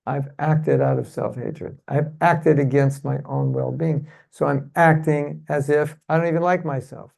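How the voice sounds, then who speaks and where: A man's voice: a little high, steady tone, measured pace, gravelly, few pauses, darkish tone. A man teaching a devotional seminar to a live audience, often asking rhetorical questions and leading the room in repeating phrases. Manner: rhetorical, keeps asking "isn't it?"; leads the audience in call-and-response. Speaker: seminar speaker. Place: temple hall with an audience.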